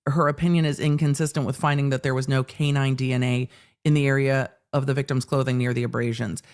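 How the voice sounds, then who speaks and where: A woman hosting a live legal commentary stream, ranting with swearing and acting out courtroom exchanges. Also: low voice. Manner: animated ranting with profanity and acted asides. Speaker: host.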